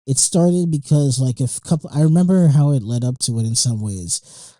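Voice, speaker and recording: Young guy podcast host rambling and cussing, kinda dark mellow voice, dry close sound. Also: mid-range voice, normal speed, dry recording, rough recording. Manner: rambling, emotional, swears often, many fillers and restarts. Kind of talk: casual monologue.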